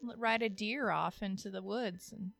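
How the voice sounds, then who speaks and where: A woman in casual chat with a friend, relaxed and talkative, laughing often. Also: mid-range voice, moderate pace, gravelly, faint music behind.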